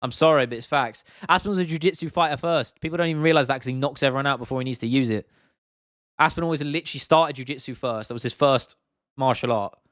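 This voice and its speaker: A man's voice: medium pitch, fast, dry recording, clean studio sound. Young man chatting on a livestream. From England. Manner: blunt and animated, swears freely, reads out viewer comments. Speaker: livestream host. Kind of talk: casual livestream chat.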